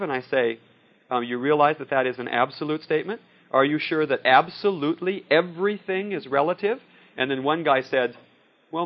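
Gravelly man preaching, dull lo-fi sound. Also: medium pitch. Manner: conversational, often asks "See?" and "Okay?". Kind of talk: sermon with personal anecdotes. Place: room with a live audience. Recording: dull lo-fi recording.

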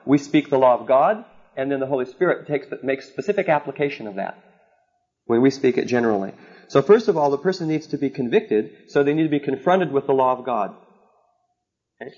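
This male preacher's voice is medium in pitch, expressive, fairly quick and a little mellow. Teaching on counseling, he repeats himself earnestly and often asks "okay?" to check in, all captured on a slightly dull lo-fi recording.

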